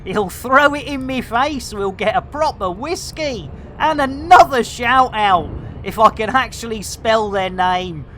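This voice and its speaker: A woman in her fifties hosting a live game stream. She banters and breaks into sudden shouts, with a lively, swooping voice. Her delivery stays slow and drawn out between bursts. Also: on the high side, background noise. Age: 50s. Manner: exuberant, bursts into shouts and banter, catchphrase-heavy.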